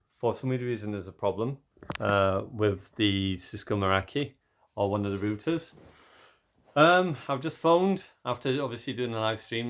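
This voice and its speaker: A man with a voice that is going hoarse, chatting casually in a rambling vlog about his internet connection troubles. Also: fairly low pitch. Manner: rambling, frustrated tech explaining. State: losing his voice. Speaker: gaming vlogger.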